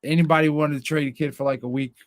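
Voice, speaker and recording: A man's voice: fairly high pitch, fairly even intonation, fast talker, no echo, clean studio sound. A young man hosting a podcast, telling a long story as a profane, ranting storyteller in casual chat. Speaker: podcast host.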